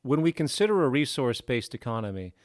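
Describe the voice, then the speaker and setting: An actor playing a calm male documentary narrator who presents in a measured, formal way. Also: medium pitch, lightly acted.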